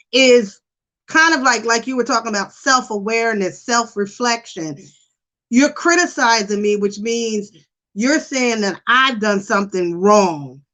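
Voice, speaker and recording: A middle-aged woman hosting a psychology podcast, talking in a chatty, animated way with lots of fillers. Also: fairly high pitch. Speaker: podcast host, psychology professional. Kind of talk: casual chat.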